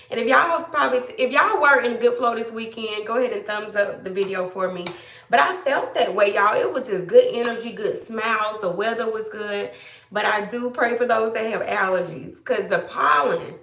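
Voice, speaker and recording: A woman from Georgia, chatting casually to viewers on a live stream, greeting them by name and a little hoarse after being ill. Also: mid-range voice, fairly bright tone, echoey room, distant mic. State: slightly hoarse after illness. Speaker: livestream host.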